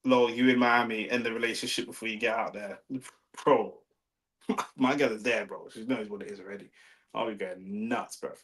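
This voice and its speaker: A livestream host from London, England, this young man watches a fight live with viewers, talking in relaxed slang, swearing and reading the chat. His fairly low voice has a steady, fairly bright tone at normal speed, though the recording is low quality.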